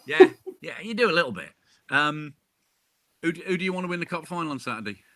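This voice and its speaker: Man, author guest, casual chatty delivery, bright forceful tone, dry close sound. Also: fairly high pitch, sing-song, quick pace, dry recording. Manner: chatty, self-interrupting, jokey asides. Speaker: crime author interviewed as guest. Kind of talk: casual chat.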